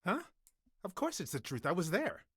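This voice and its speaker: A man's voice: high-pitched, huge pitch swings, moderate pace, a bit bright, slightly rough, dry recording, studio quality, heavily acted. An actor voicing an eager young male weasel photographer in a video game, brash and defensive.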